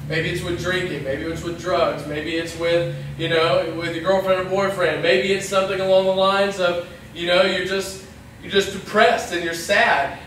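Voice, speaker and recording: A man preaches in a relaxed, talky way, now and then voicing short imagined lines. His voice sits high for a man. The sound is very roomy and echoey, picked up from a distance in a church hall with a faint hiss underneath. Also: moderate pace. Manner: conversational, acts out little quoted lines. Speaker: pastor. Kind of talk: casual youth sermon.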